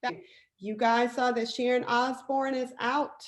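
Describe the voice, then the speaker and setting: A woman co-hosting a casual talk show, chatting excitably about sports with frequent fillers. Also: fairly high pitch, unhurried. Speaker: co-host.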